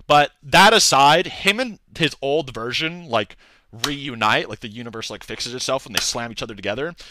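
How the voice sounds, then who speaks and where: Rambling young man with a bright voice. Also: mid-range voice, no room sound, clean studio sound. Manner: loose and rambling, heavy on filler words and slang. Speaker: streamer. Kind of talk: casual livestream rant.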